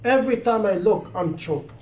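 Man preaching, high voice, impassioned, repeats for emphasis, dull lo-fi recording. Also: lively intonation, moderate pace, darkish tone. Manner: impassioned, repetitive, rising and falling emphasis. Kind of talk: sermon. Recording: echoey room, dull lo-fi sound.

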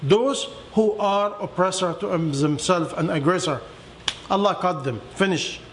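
Guy giving a sermon in broken english, high voice, dramatic ups and downs, bit of hiss behind. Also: measured pace. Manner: emphatic, dramatic swings between high and low; non-native English, simplified grammar. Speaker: religious teacher.

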